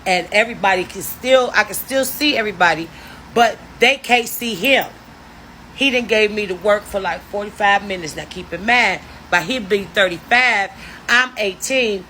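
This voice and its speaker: Bright-voiced woman in her fifties telling a story. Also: medium pitch, normal speed, a little hiss or hum, rough recording. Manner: blunt, profane, animated retelling. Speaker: storyteller vlogger. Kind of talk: casual storytelling.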